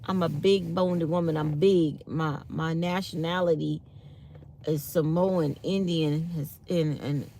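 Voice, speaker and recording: A woman's voice: sits low, steady tone, slow pace, gravelly, warm tone, slight background noise. A tired woman hosting a casual morning chat with her viewers, reading comments aloud as she talks. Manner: chatty, reads live comments aloud. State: tired and yawning. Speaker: channel host.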